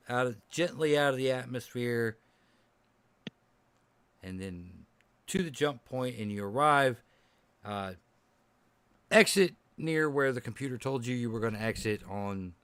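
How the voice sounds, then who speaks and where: A man runs a tabletop game with a bright, forceful voice, loose and chatty and quick to laugh. The sound is dry and close. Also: medium pitch, clear, resonant tone, dry recording. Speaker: game master.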